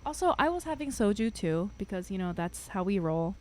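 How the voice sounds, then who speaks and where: A young woman co-hosting a podcast, telling a story in an animated, laugh-filled way with lots of fillers. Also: medium pitch, fairly quick. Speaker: podcast co-host. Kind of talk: casual chat, storytelling.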